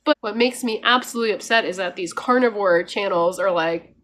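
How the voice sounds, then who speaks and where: A woman's voice: medium pitch, fairly quick, fairly bright tone. A woman vlogger talking casually and frankly, laughing often and mimicking others as she rants. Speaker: homesteading vlogger. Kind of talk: casual talking-head rant.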